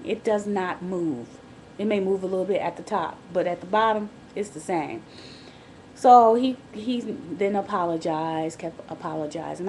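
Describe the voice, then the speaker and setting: A woman's voice: mid-range voice, expressive, moderate pace, darkish tone, slight background noise. Chatty woman vlogging from bed. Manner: chatty and candid, with frequent restarts and asides. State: on bed rest while pregnant. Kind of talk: casual pregnancy diary vlog.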